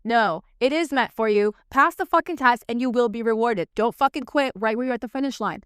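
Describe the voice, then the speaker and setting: A woman's voice: fairly high pitch, brisk, few pauses, a bit bright, clean tone, no echo, studio quality. A woman hosting a podcast, telling a personal story in a chatty, casual way, swearing freely and filling with "like". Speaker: podcast host.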